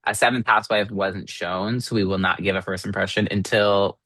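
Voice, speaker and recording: A man co-hosting a podcast in casual chat, animated and swearing, his voice jumping up when exasperated. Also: on the low side, fairly quick, no room sound. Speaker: podcast co-host.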